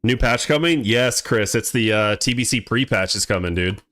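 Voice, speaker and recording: A man streaming a game live, chatting casually with viewers, excitable, laughing often and swearing casually. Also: on the low side, normal speed. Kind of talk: casual live-stream chat while playing.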